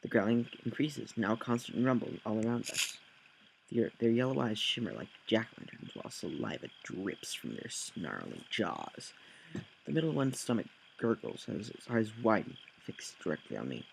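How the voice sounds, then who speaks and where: A man's voice: on the low side, very animated, moderate pace, vocal fry, a little hiss or hum, rough recording. A man reading a text game aloud, with slips, corrections and jokey asides. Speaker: let's play host.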